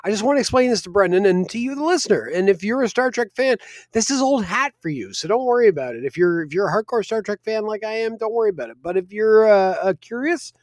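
A man's voice: high voice, lively intonation, fast talker, dry recording, clean studio sound. A man co-hosting a casual podcast chat, enthusiastic and teasing. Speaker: podcast co-host.

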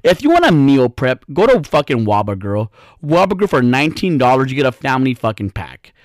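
Animated man telling a story. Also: mid-range voice, brisk, no room sound. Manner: profane, animated, exaggerated disgust. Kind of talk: casual storytelling monologue.

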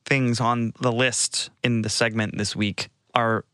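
A man's voice: medium pitch, little pitch movement, takes it slowly, fairly bright tone, smooth, no room sound, studio quality. A man co-hosting a casual podcast chat, telling stories animatedly and putting on silly voices. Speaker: podcast co-host.

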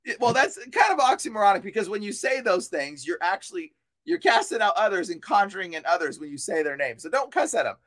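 A man with a high voice preaches with fervent, insistent energy, circling back over the same points. He slips into casual slang like "dude" and "bro". The sound is close and dry, with no room echo. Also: very animated, fast talker, fairly bright tone. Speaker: exorcist guest on a podcast. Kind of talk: preachy podcast talk.

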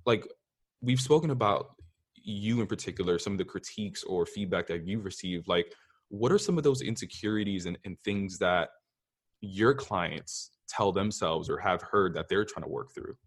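A man hosting a podcast interview, talking in a relaxed, thoughtful way with many fillers. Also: low-pitched, moderate pace, husky. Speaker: podcast host. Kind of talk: casual interview talk.

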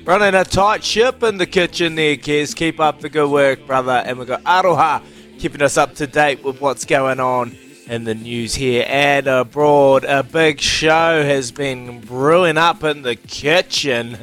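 A man's voice: on the high side, a little slow, fairly bright tone, soft background music. A man with a New Zealand accent co-hosting a breakfast radio show, upbeat and playfully teasing his co-hosts. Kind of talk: casual radio banter.

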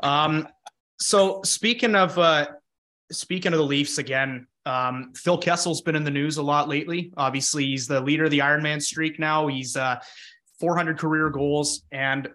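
A young man hosting a hockey podcast, joking with his guest and asking animated questions. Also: fairly high pitch, normal speed. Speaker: podcast host. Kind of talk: casual chat.

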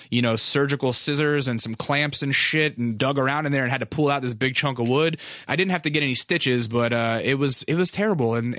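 A man's voice: medium pitch, sharp tone, no room sound. Young guy podcaster, rambly and crude, laughs at himself, dry mic. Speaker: podcast host. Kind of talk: casual storytelling monologue.

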